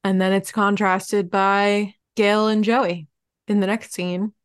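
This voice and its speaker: A woman co-hosting a podcast, recapping a TV episode in a relaxed, wry, casual chat. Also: mid-range voice, slow, clean tone, no room sound, clean studio sound. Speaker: podcast co-host.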